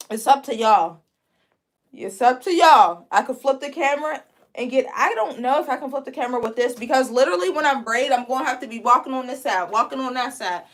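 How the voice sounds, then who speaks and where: A young woman from Pennsylvania with a Pennsylvania accent, chatting with viewers as she teaches braiding on a livestream. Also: high-pitched. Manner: chatty, talks to viewers as "y'all". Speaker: braiding instructor hosting a livestream. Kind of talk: live tutorial with chat reading.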